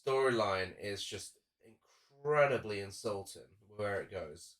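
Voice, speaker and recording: A man's voice: lowish voice, lively intonation, unhurried, a bit bright, recorded from a distance. A man co-hosting a horror film podcast, chatting casually and enthusiastically while reviewing a movie. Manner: enthusiastic, lists cast credits. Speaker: podcast co-host.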